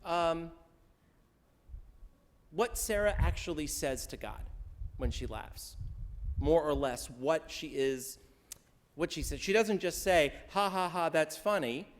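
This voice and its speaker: Lively, higher-voiced male rabbi in a reverberant sanctuary. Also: takes it slowly, long pauses. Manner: conversational, quizzes the congregation, wry humor. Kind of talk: interactive sermon teaching the weekly Torah portion. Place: synagogue sanctuary during a service.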